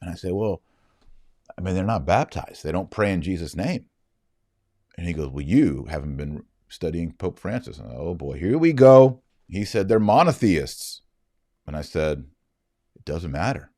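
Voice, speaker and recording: A middle-aged podcast host with a deep, low voice gives a casual monologue at a moderate pace, telling his story with animation and voicing its characters. The sound is dry and close-miked, with no echo.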